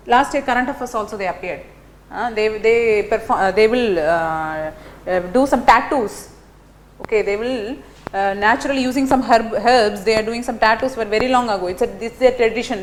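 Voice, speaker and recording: A woman's voice: on the high side, slight background noise. A middle-aged woman giving a classroom lecture, telling stories animatedly with many fillers and tag questions. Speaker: teacher.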